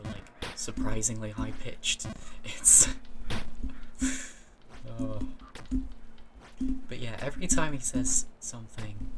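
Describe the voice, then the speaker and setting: A streamer with an English accent, chatting loosely through a game session. They ramble and curse, break off and restart sentences, and sit at a middle pitch. Loud game music plays underneath the whole time. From England, Cambridge area. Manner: rambling, swearing, self-interrupting. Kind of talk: casual gaming stream chat.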